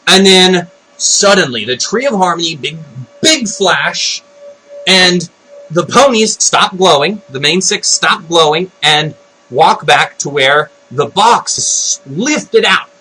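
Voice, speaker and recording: A man giving an unscripted, excitable rant about a cartoon episode, retelling it with loud exclamations. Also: high voice, takes it slowly, slightly rough, rough recording. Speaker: video blogger. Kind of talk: unscripted ranting commentary.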